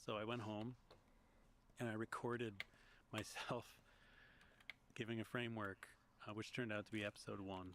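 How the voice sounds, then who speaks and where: A man speaks in a lowish voice, recalling past events in a relaxed, storytelling way. He restarts his sentences now and then as he thinks aloud during the interview. A faint hiss sits under the recording. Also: normal speed, pauses often. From Long Island, United States. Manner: storytelling, reflective, with small restarts. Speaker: guest, history podcaster and author. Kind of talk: conversational interview.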